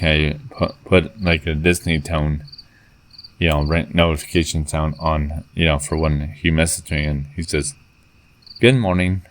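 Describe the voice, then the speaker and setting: A man with a very low voice tells a long story to camera in a casual vlog. His delivery is earnest and rambling, with a flat tone that barely rises or falls, and he stops and restarts often as he retells it. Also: slight background noise. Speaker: vlogger. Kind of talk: casual spoken retelling of a text chat.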